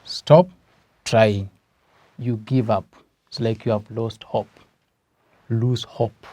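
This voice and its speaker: A man's voice: medium pitch, flat delivery, dark tone, dry recording. A man with a Kenyan English accent teaching a grammar lesson, stressing key words and asking questions that he answers himself. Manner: slow, emphatic, asks questions then answers them.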